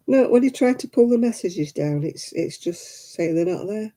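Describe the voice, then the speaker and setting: Brief: woman, live-stream craft host, deep mellow tone, rambling chat with easy laughs. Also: expressive, moderate pace. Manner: chatty, rambling, laughs often.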